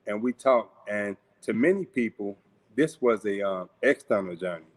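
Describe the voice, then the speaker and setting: A man's voice: lowish voice, expressive, moderate pace. A man from St. Louis telling a personal story in a conversational way, acting out the voices of people he quotes and using frequent fillers. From St. Louis, USA. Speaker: guest storyteller.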